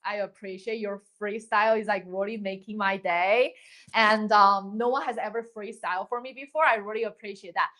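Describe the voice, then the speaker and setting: A woman's voice: mid-range voice, steady tone, moderate pace, pushed and bright. Young female streamer; upbeat, rambling, filler-heavy casual advice. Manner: rambling, many fillers and restarts; chatty, upbeat, thanks viewers. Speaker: livestreaming dating advice creator. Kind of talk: casual livestream chat.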